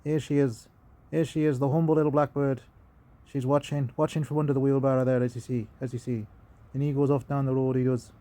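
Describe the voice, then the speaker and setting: A man's voice: mid-range voice, little pitch movement, fairly quick, mellow, close to an everyday voice. A man putting on an Irish accent as a chatty, playful fellow commenting on garden footage with repetitive asides. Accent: put-on Irish. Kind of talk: casual commentary over video.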